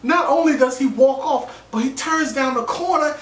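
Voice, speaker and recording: An extremely high-pitched man speaking at normal speed casually recaps a TV episode on his vlog, joking, swearing, and animatedly acting out people's lines. The roomy recording comes from a distant mic with faint ambience.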